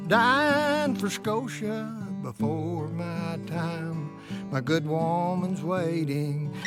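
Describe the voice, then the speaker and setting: A woman singing a slow bluegrass ballad in the voice of a coal miner dying underground, over loud guitar. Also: medium pitch. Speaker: singer. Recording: recorded song with loud guitar backing.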